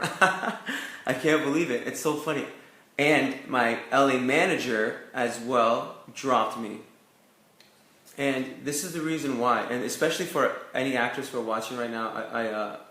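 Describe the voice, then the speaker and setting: A man's voice: medium pitch, a bit bright, reverberant. A young man from Canada, an actor telling his career story in a casual interview, full of "like" and "you know". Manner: chatty, lots of "like" and "you know" fillers. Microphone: video call.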